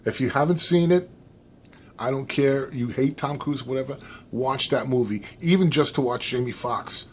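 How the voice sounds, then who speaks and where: An American man talking casually to camera, rambling and animated, with many restarts and fillers, giving his opinions. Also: mid-range voice, moderate pace, a little hiss or hum. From United States. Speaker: vlogger.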